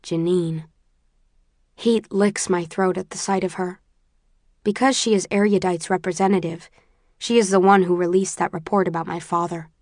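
A woman reading a first-person story aloud in a measured, often quiet and subdued way. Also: fairly low pitch, fairly even intonation, no echo, studio quality. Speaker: audiobook narrator. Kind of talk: first-person audiobook narration.

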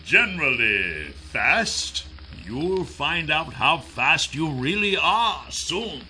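Man voicing a slow, sneering villain. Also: a little high, big pitch swings, bright, forceful tone, a little hiss or hum, voice pushed up, full character voice. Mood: sly. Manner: slow, drawn-out, taunting delivery. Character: sneering, cold male villain who toys with captives. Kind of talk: audiobook character voice.

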